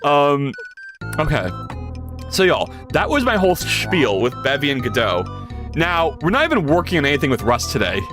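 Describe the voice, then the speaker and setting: A man's voice: huge pitch swings, fairly quick, music in the background. A man live-streaming his coding work, chatting casually, rambling, swearing and joking with chat. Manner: profane, rambling and jokey, with big pitch swings.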